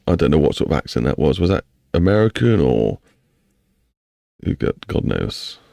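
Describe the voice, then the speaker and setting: A man's voice: very deep voice, very animated, moderate pace, creaky, dark tone, dry recording, studio quality. A man with an English accent chatting casually on a live stream while he builds a game map, rambling and talking to himself and to chat.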